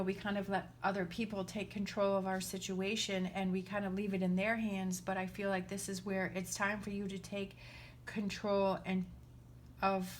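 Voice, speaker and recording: A woman tarot reader with a medium-pitched voice gives a casual spoken reading, earnest and reassuring, often checking in with the listener. A little hiss or hum can be heard.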